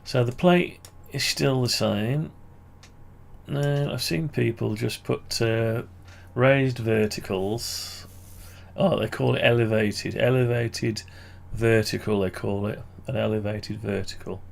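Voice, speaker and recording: A man's voice: medium pitch, takes it slowly, vocal fry. A man walking through his amateur radio antenna project on screen, thinking aloud and correcting himself as he goes. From United Kingdom. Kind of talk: casual screen-share walkthrough.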